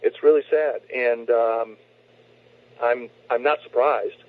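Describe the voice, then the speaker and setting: A man from the United States appears as a talk show guest over a phone line, earnestly explaining his views in an opinionated, lecturing way and often restarting his sentences. His voice has a medium pitch and steady tone, and he speaks slowly. The sound is that of a telephone.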